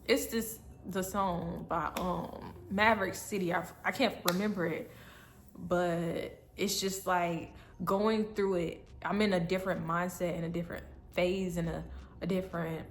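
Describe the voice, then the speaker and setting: A woman's voice: on the low side, steady tone, a little slow. A woman telling an emotional personal faith story to her viewers in an earnest, repetitive way. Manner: earnest, repetitive, breaks into tears and laughs. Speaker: faith vlogger.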